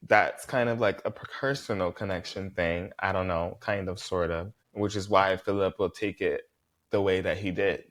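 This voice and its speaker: A man casually recapping a reality show episode, blunt and profane, with lots of "like" fillers and animated reactions. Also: fairly low pitch, normal speed.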